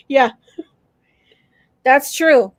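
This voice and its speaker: Sarcastic high-voiced woman with a South Texas accent. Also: no echo. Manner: sarcastic, laughs often. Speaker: union co-host reading viewer comments. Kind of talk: casual live-stream chat.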